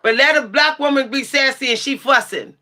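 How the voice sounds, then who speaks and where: Sassy, heated woman livestreamer, bright high voice. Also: brisk. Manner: sassy, blunt, profane, shouts at times. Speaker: livestream tarot channel host. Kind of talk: heated livestream rant answering chat.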